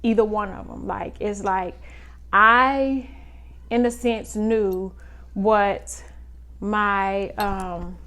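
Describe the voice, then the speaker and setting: A woman in her thirties, a mother, talking through a personal story slowly with many fillers and pauses. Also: medium pitch, steady tone, sharp tone. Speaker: mother vlogger. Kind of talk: personal reflective monologue.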